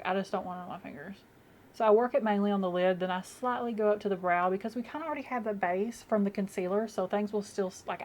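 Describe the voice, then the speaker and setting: A woman's voice: mid-range voice, darkish tone. A young woman vlogging casually as she does her makeup, chatty and rambling with many fillers, at home. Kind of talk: casual get-ready-with-me chat.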